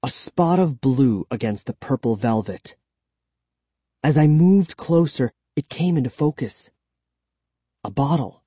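Slow dry storybook reading, mellow voice, lots of pitch movement. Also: breathy edge, no echo. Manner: slow, measured, lively storytelling. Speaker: audiobook narrator. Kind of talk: first-person storybook narration.

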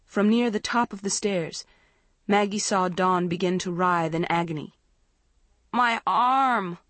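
A woman narrating a storybook in a measured, dramatic way. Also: on the low side, level tone, no room sound. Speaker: audiobook narrator.

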